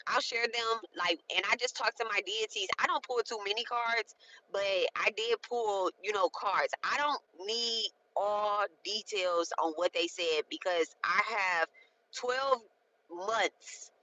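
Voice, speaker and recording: A woman's voice: mid-range voice, a little slow, pushed and bright, slight background noise, poor audio. Chatty, emphatic woman in her thirties. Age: 30s. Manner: chatty and emphatic, often checks in with "okay?". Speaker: spiritual content creator. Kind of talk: casual spoken ritual walkthrough.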